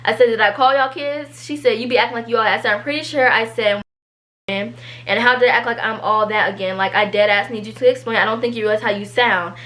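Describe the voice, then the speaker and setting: A teenage girl, telling a storytime vlog and reading out an argument, animated and exasperated. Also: a little high. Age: teens. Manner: animated, exasperated, quick asides. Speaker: vlogger.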